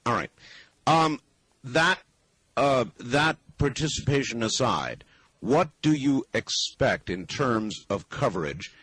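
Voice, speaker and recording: A man's voice: mid-range voice, lively intonation, slow pace, a bit bright, husky, dry recording. A man hosting a late-night radio talk show, steering his guest with short questions and interjections. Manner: brief prompting questions and interjections.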